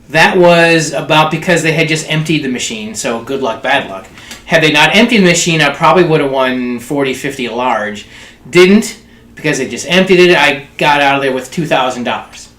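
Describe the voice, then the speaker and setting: A man co-hosting a podcast, telling a story in a relaxed, joking way. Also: fairly high pitch. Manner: laid-back, jokey, mimics other people's voices in stories. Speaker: podcast co-host. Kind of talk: casual chat, storytelling. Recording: echoey room.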